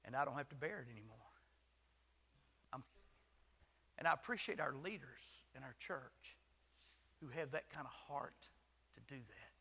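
Casting: folksy pastor, very bright, somewhat high voice, preaching into a long-echo church hall. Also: male voice, animated, moderate pace, long pauses, slightly rough. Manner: folksy, self-deprecating storytelling with jokes. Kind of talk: sermon.

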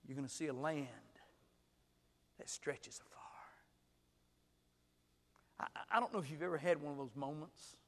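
A man preaching a sermon as pastor, swinging from hushed storytelling to shouted exclamations. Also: fairly high pitch, normal speed, pauses often, big-room sound.

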